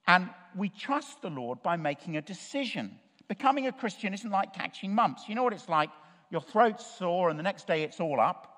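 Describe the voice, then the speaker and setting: A man's voice: high-pitched, a bit bright. A man preaching a sermon in church, telling stories with humour and putting questions to the congregation. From Chile, raised in Africa. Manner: storytelling, humorous, asks the congregation questions. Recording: long reverb of a church hall.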